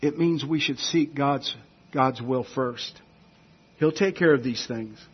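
A man preaching a sermon, emphatic, swinging between hushed and loud. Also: medium pitch, slow pace, slightly rough. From United States. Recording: dull lo-fi recording.

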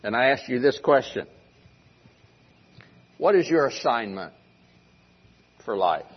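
A man's voice: medium pitch, big pitch swings, slow pace, slightly rough, dull audio. An older man preaching a sermon to a congregation, emphatic and given to repeating key phrases. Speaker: pastor. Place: church congregation room.

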